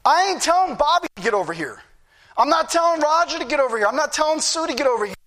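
A man's voice: very high-pitched, big pitch swings, fast talker, fairly bright tone. A middle-aged man preaching a fervent sermon, repeating phrases for emphasis.

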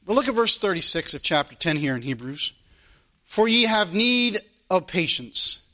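A man's voice: high-pitched, sing-song, normal speed, pushed and bright. A male preacher delivering a sermon in an earnest manner, weaving in a personal story and asking his listeners rhetorical questions.

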